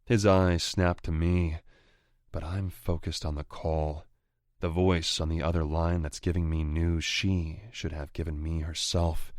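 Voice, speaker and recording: A man reads a first-person romance audiobook in a very deep, unhurried voice. His delivery is low and growling, with an edge of menace. The recording is dry and close. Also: little pitch movement, a little mellow, no room sound. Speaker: audiobook narrator.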